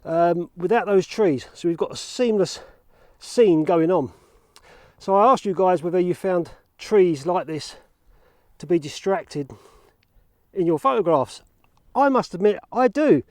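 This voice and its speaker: A man's voice: high-pitched, expressive, a little slow, darkish tone, no room sound. A man vlogging casually outdoors in fields about film photography, chatty and self-deprecating, out of breath from cycling. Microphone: action camera.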